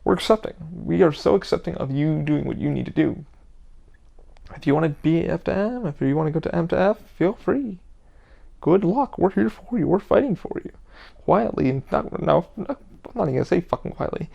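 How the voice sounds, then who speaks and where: A man's voice: a little high, animated, vocal fry, mellow, lo-fi sound. A man hosting his own podcast, talking alone in a rambling, profane way and acting out what his friends said. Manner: rambling, profane, quick to act out quoted friends. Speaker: podcast host. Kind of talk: casual solo podcast monologue.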